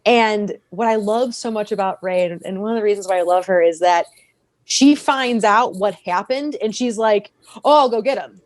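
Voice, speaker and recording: A woman talking casually on a podcast, animated, often laughing and acting out characters' lines with sudden jumps in pitch. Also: normal speed, no echo. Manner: animated, acts out characters' lines mid-sentence; frequent laughter and restarts. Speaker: podcast guest.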